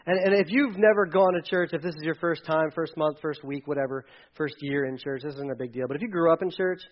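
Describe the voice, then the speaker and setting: High-voiced pastor preaching conversationally. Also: male voice, fast talker, muffled recording. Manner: conversational preaching, swinging between soft asides and loud emphatic reading. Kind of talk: sermon.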